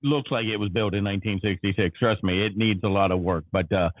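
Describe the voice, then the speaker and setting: A man's voice: lowish voice, brisk, slight background noise. A man hosting a live local morning show, telling a rambling story in casual chat with many fillers and restarts. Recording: dry, phone-like narrow sound.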